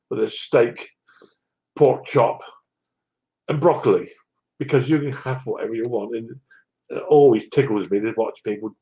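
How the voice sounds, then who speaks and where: A man's voice: mid-range voice, a little mellow, muffled recording. An older man from England telling a rambling travel story in a wry, self-mocking way. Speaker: vlogger. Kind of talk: casual storytelling.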